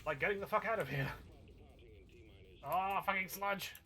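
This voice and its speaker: A man casually chatting while streaming a game, excitable, rambling and swearing freely. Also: high-pitched, moderate pace. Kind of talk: casual gaming stream chat.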